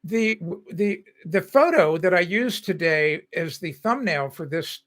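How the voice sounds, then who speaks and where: Rambling older man, bright voice. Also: sits high, animated, measured pace. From Cincinnati, Ohio. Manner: rambling, chuckling often, many fillers. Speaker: host of a home-building livestream. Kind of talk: casual livestream chat. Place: home, indoors.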